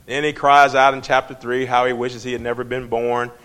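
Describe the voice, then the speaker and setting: A man's voice: medium pitch, little pitch movement, fairly quick, a bit bright, smooth. A man giving an informal, conversational Bible lesson and asking his listeners questions as he goes. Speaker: Bible teacher.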